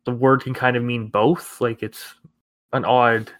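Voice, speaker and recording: A man running a tabletop game as game master, narrating scenes in a relaxed, filler-heavy way. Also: mid-range voice, measured pace, dry recording. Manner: relaxed storytelling with many fillers.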